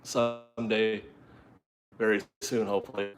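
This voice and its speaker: A man's voice: lowish voice, flat delivery, a little slow, a little hiss or hum. This is a chatty, rambling man hosting a casual live stream from home. He reads out viewer messages and is easily amused.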